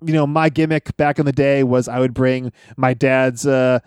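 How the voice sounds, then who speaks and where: A man's voice: mid-range voice, flat delivery, normal speed, a little mellow, smooth, no room sound, studio quality. A man chatting casually on a wrestling podcast, rambling through old stories and laughing often.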